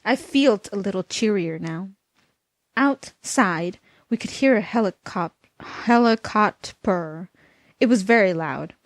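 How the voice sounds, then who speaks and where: A woman's voice: mid-range voice, animated, takes it slowly, no room sound. A woman reading a comic fan fiction aloud, mocking it and stopping to comment. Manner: mocking, breaks off to laugh and comment.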